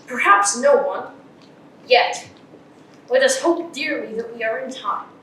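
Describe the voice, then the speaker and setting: A woman acting as a self-important male detective in a live school stage play, grandly declaiming in a high, swooping voice. The sound is echoey and comes from far across the hall, with a faint hiss underneath. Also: animated, measured pace, sharp tone. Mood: pompous. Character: pompous bumbling male police inspector. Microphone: distant room mic.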